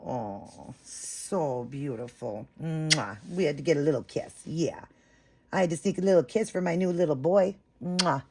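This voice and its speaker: Gushing woman with a gravelly voice. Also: lowish voice, fast, warm tone, a little hiss or hum. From United States. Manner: gushing and affectionate, many fillers. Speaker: vlogger. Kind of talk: casual chat to camera.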